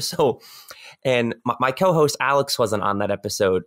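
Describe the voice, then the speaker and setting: A man's voice: medium pitch, lively intonation, normal speed, a bit bright. A man as a guest on a podcast, chatting casually and rambling with many restarts and repeated words. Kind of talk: casual interview chat.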